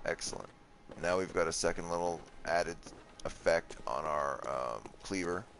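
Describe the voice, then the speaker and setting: A man giving relaxed, casual commentary on a video game, thinking aloud and swearing now and then at enemies. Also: sits low, moderate pace, noisy background. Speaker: gameplay commentator. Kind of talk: casual let's play commentary.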